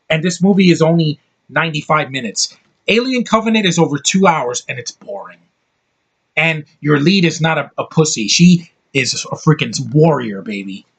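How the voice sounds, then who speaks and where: A man's voice: a little high, gravelly, breathy edge. A man reviewing a movie in a heated, profane rant, blunt and scornful throughout.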